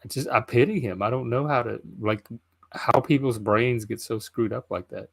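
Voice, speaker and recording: A man's voice: mid-range voice, moderate pace, gravelly, noisy background. A man hosting a casual podcast, talking bluntly and critically, often thinking aloud. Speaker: podcast host. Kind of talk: casual chat.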